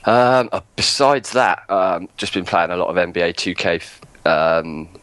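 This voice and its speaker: A man chatting casually as a podcast co-host, laid-back and meandering with many pauses. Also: low-pitched, fairly bright tone. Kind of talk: casual chat.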